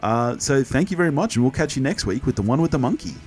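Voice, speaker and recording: A man's voice: medium pitch, expressive, fast talker, a little mellow. A man with an Australian accent co-hosting a casual podcast, joking, laughing often and running a quiz round. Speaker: podcast co-host. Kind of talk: casual chat.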